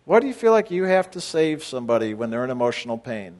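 A man's voice: medium pitch, big pitch swings, fast talker, darkish tone. A man leading a spiritual retreat group, talking bluntly and firing rhetorical questions at his listeners, with sudden emphatic bursts. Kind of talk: group talk to retreat participants.

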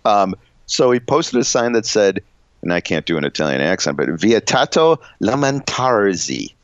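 Fairly quick and lively in intonation, this low-voiced man co-hosts a podcast full of loose, joking back-and-forth where he rambles, interrupts himself, and laughs a lot. The recording is dull, lo-fi, and dry with no echo.

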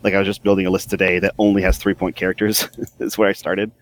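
A man's voice: sits low, flat delivery, fast, a crowd in the background. A man co-hosting a gaming podcast, talking enthusiastically with many fillers. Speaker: podcast co-host. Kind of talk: casual gaming chat.

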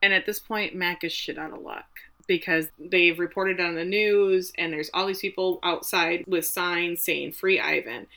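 A woman co-hosting a casual chat, retelling a film's story in an animated, emotional way. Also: on the low side, moderate pace, hardly any pauses. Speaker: podcast co-host recapping a film.

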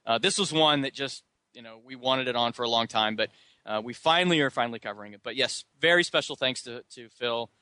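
A man co-hosting a casual movie podcast, recapping plots and sometimes acting out characters in silly high voices. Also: fairly quick, sharp tone, no echo. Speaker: podcast co-host.

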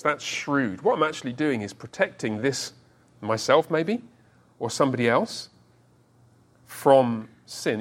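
A pastor in his forties preaches with a mid-range voice. He tells his story with self-deprecating humor and often stumbles and restarts his words. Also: medium pitch. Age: 40s. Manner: halting restarts, repeats words. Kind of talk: sermon.

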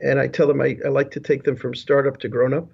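This interview guest, a business leadership consultant, has a mid-range, creaky, husky voice that barely moves in pitch, and he talks quickly. Joining by remote video call, he rambles through his life story with many restarts and asides. The audio sounds dull and lo-fi.

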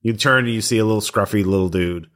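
A man narrating a tabletop game as game master, relaxed and chuckly, often hesitating with fillers. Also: fairly low pitch, fast.

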